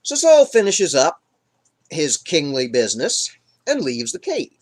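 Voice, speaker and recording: A man's voice: fairly high pitch, huge pitch swings, measured pace. A man hosting a live stream, retelling a Bible story in an irreverent, joking way. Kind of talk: casual comic Bible retelling.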